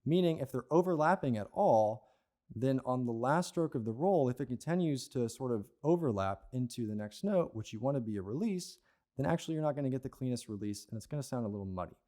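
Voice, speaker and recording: A young man with a mellow, relaxed tone gives a patient, step-by-step percussion lesson. He often checks in with the listener with a quick "okay?" or "right?". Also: medium pitch. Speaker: percussion teacher. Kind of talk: instructional lesson.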